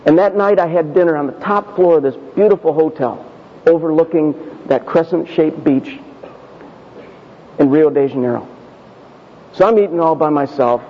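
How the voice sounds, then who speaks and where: Male pastor, storytelling sermon, slightly high voice, long hall reverb, muffled sound. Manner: conversational, self-deprecating, slows for emphasis.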